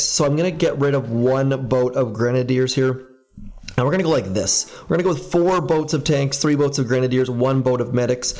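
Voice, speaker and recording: A man's voice: mid-range voice, darkish tone. A man hosting a casual live stream, chatting upbeat and thinking aloud while he plays. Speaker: game streamer.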